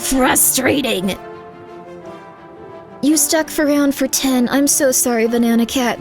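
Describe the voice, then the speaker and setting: A high-pitched woman talks casually to her live-stream audience, rambling through frank advice and answering chat as it comes in. She fills her speech with loose fillers, and soft music plays faintly underneath. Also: normal speed. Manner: rambling, candid advice full of "like", reacting to chat.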